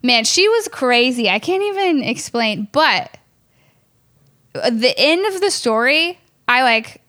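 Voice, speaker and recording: A woman talks in a casual, chatty manner, her voice sitting a little on the high side. She tells stories from running her gym, peppering her sentences with "like" and laughing along the way. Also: expressive, slow, a bit bright. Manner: chatty, fills speech with "like"; laughs while telling stories. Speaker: gym owner. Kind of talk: casual storytelling in conversation.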